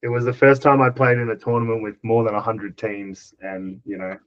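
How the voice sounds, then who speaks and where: An Australian man talking as a podcast guest, telling stories in a relaxed way with lots of fillers and chuckles. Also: on the low side, brisk, highs cut off. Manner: laid-back, chuckling storyteller with many fillers. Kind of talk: casual chat.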